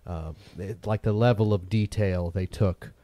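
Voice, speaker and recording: A man's voice: low voice, fairly even intonation, a little slow, mellow, no room sound. A man hosting a casual chat, talking in loose, opinionated asides. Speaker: podcast host.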